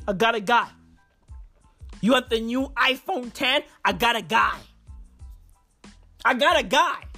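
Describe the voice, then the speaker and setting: A man's voice: pushed and bright, exaggerated voice. A man putting on an eager street hustler who can get anything. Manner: repetitive, pushy, sales-pitch patter.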